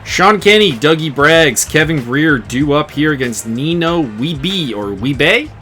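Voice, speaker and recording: A man's voice: on the high side, animated, unhurried, sharp tone, faint music behind. Chatty man calling baseball play-by-play. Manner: chatty, laughs often, muses over player names. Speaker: game streamer commentating his baseball season. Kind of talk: casual play-by-play commentary.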